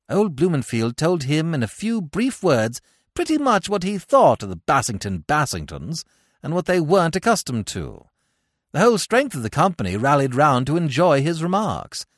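A man narrating comic fiction for an audiobook, expressive and lively. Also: on the high side, normal speed, no room sound. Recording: dry close studio sound.

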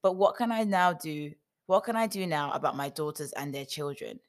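An indignant old patriarch, read by a woman fires off one reproachful question after another. The voice sits low and stays close to plain storybook reading. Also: lively intonation, moderate pace. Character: indignant old male patriarch, grasping and accusing.

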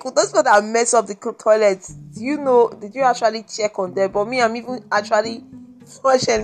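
Podcast host: Nigerian woman, mid-pitched, exasperated storytelling, faint guitar music behind. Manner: animated, exasperated, repeats herself for emphasis. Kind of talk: casual personal storytelling monologue.

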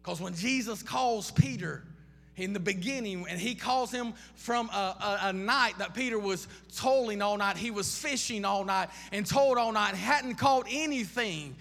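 A man's voice: high-pitched, normal speed, few pauses, fairly bright tone. A man preaching a sermon, impassioned, piling up repeated questions and restarting phrases. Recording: long reverb of a large hall.

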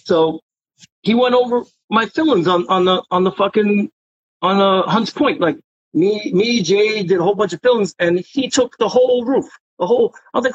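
A man tells long, profane stories, circling back with fillers as he goes. His voice sits a bit high and sounds husky. The recording is dry and dull, like muffled podcast audio. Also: moderate pace, no echo. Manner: rambling, profane street talk with many fillers. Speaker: interview guest, graffiti writer. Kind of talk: casual storytelling interview.

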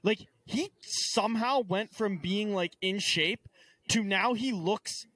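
A man's voice: sits high, takes it slowly, sharp tone, slightly rough, dry recording. A young man co-hosting a casual sports podcast, ranting in exasperation with stammered restarts. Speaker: podcast co-host.

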